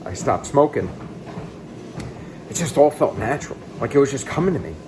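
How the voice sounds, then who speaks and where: Rich: a man in his thirties recounts his own story with a mid-range voice and a faint hiss behind it. He talks in a blunt, casual way and swears now and then. He swings between excited bursts and low, quiet asides. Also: moderate pace. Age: 30s. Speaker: vlogger telling his life story. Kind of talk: candid personal storytelling.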